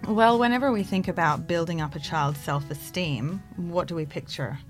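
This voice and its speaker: A woman's voice: fairly low pitch, normal speed, few pauses, faint music behind. A woman in her thirties, a clinical psychologist, explaining her views animatedly in a radio interview. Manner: animated, acts out quotes in bright voices.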